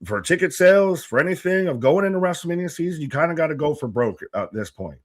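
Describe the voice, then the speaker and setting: A man's voice: fairly high pitch, animated, fast, no room sound, studio quality. A man co-hosting a live wrestling reaction stream, chatting casually, joking and arguing his points. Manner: playful, argues points and jokes along.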